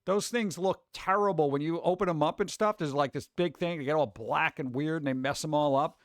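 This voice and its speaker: A man's voice: fairly high pitch, brisk, dry recording, clean studio sound. A man hosting a livestream, rambling through casual chat and acting out other people's voices. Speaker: livestream host.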